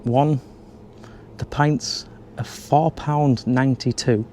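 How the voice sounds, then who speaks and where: A man's voice: medium pitch, steady tone, takes it slowly, a little mellow, a little hiss or hum. Dry-humoured man vlogging. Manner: dry, joking pub reviews. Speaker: travel vlogger. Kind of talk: casual vlog chat. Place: pubs and streets, in and out of doors.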